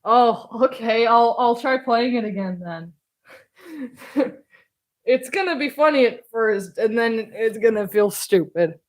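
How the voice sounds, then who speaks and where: A woman's voice: on the high side, expressive, a little slow. A woman live-streaming while drawing, chatting casually in a self-deprecating way and laughing often.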